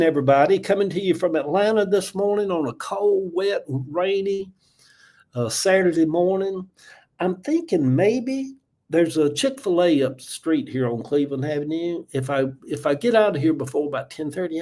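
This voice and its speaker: A man in his seventies hosts a morning livestream from home, his voice a little high and mellow. He chats casually and folksily in a Southern US accent, laughing often.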